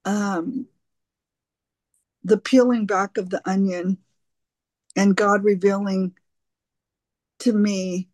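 A woman sharing her recovery story at a twelve-step meeting, halting and earnest, often repeating her words. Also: mid-range voice, steady tone, a little mellow, no room sound. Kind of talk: personal recovery share.

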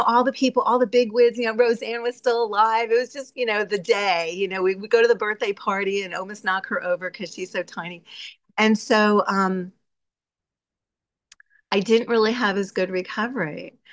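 A woman tells her recovery story at a support meeting in a candid, conversational way. She laughs often and slips into playful voices for her own thoughts. Her pitch sits in the middle of the usual range. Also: a bit bright. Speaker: speaker sharing at a recovery meeting. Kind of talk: personal recovery share.

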